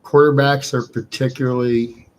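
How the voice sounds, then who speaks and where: A man's voice: medium pitch, level tone, normal speed. Man casually explaining league rules. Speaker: fantasy football league commissioner. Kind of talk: casual live-stream chat.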